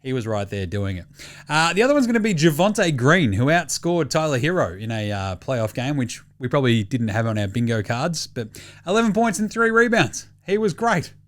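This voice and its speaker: Hosting a sports podcast, a man with an Australian accent chats casually in a mid-range voice at a moderate pace. He's lively, cracks jokes and swears.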